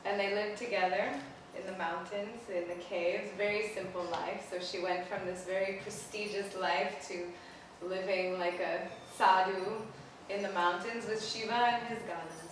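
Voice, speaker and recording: A woman teacher retells an old myth in a casual, animated lecture, often leaning on "like". Her voice sits far from the mic and rings through a strongly echoing space, with faint ambience beneath it. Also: mid-range voice, moderate pace, background noise. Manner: casual, animated, many "like" fillers. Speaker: spiritual teacher, pilgrimage leader. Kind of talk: storytelling lecture. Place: outdoors beside a temple. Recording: echoey space, voice from a distance.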